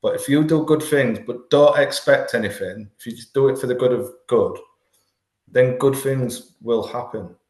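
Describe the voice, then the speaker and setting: Candid and earnest, this life coach in his forties is a podcast guest in a conversational interview, frequently restarting and repeating words as he reshapes his thoughts. He speaks at normal speed in a medium-pitched, slightly mellow voice, and the room gives a roomy echo.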